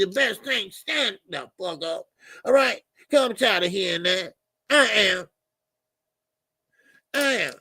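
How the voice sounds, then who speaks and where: A high, bright-voiced man rants about fighters with a gravelly, husky rasp. His delivery is profane and loud, and it is recorded dry and close. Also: slow, pauses often, dry recording. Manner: profane trash talk, animated and loud. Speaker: boxing fan caller on a live show. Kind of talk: heated boxing talk.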